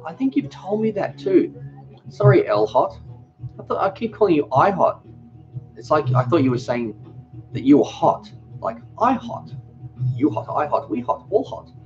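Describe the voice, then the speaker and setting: A man's voice: a little high, lively intonation, normal speed, darkish tone. A middle-aged man hosting a casual livestream chat, rambling and reading viewer comments aloud. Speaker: cooking channel host. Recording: dull lo-fi sound with music behind.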